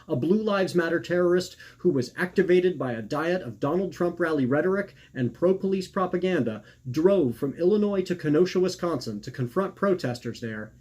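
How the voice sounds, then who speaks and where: A man reading his own personal essay aloud in an earnest, measured way, posing rhetorical questions. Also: on the high side, darkish tone, slightly rough.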